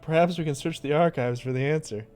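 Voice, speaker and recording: A man reading game dialogue as a formal, stately ancient scholar, measured and polite. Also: on the high side, darkish tone, soft background music, lightly acted.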